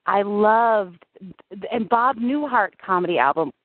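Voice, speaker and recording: A woman's voice: mid-range voice, lively intonation, a little slow, no room sound. A woman guest in a casual interview, rambling with lots of "like" fillers. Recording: tinny dry phone-line audio.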